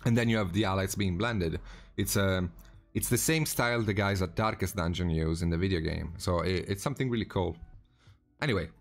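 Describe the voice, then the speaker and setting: A man hosting a casual live stream while painting miniatures, greeting viewers by name in a relaxed way with frequent restarts. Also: sits low, brisk, creaky, soft background music.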